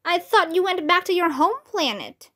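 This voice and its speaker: A woman reading a storybook voices a mischievous young boy who protests loudly. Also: extremely high pitch, expressive, moderate pace, pitched above the performer's own voice, exaggerated voice. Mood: surprised. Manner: loud protesting outbursts.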